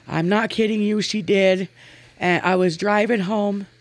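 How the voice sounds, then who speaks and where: A woman's voice: medium pitch, steady tone, slow pace, dry recording. A woman in her forties from Montana, a guest telling stories earnestly and with animation, often laughing as she talks. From Montana, USA. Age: 40s. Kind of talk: casual storytelling in an interview.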